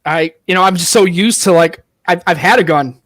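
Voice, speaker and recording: A man hosting a podcast in casual chat, telling stories in an animated, profane way. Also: high-pitched, a little fast, no room sound, studio quality. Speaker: podcast host.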